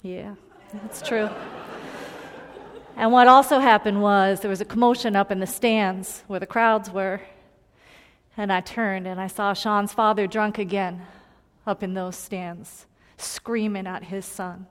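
During a sermon, a woman shares a personal story in an earnest, confiding manner, shifting between loud emphasis and hushed tones. Her voice is medium-pitched and steady, and she takes her time. Long hall reverb surrounds the recording.

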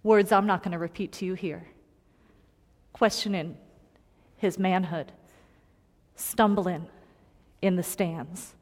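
A woman preaching a personal story in a sermon, earnest and confiding, moving between loud emphasis and hushed tones. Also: lowish voice, fairly even intonation, takes it slowly, long pauses. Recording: long hall reverb.

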